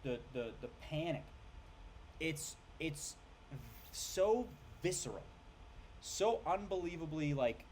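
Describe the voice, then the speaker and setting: A man ranting casually about a film, rambling, swearing and tripping over names as he gets excited. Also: fairly high pitch, takes it slowly, long pauses, slight background noise. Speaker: film reviewer. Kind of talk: casual rant review.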